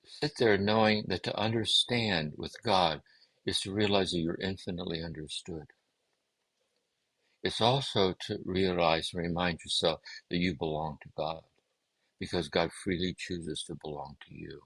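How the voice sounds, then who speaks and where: A man speaking as a guest, giving a gentle, meditative talk on contemplative prayer and often circling back to repeat his phrases. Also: low voice, fairly even intonation, normal speed, no echo, low-quality recording. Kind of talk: reflective spiritual teaching.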